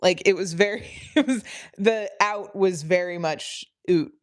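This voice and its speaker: A woman's voice: medium pitch, unhurried. A woman chatting casually on a live study stream, rambling with frequent ums and laughing often. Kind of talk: casual livestream chat.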